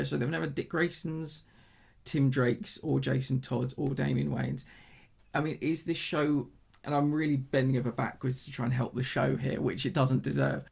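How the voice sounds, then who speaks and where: A man with a gravelly, husky voice co-hosts a casual podcast chat about TV. He rambles through exasperated complaints at a middling pitch. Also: a little mellow. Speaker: podcast co-host. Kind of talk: casual chat reviewing TV shows.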